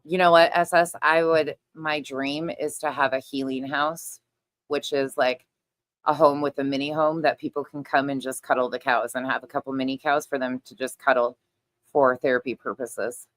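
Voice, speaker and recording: A woman's voice: a bass voice, steady tone, normal speed, no room sound. A middle-aged woman hosting a casual livestream chat, talking loosely, laughing often and swearing freely. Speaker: livestream host.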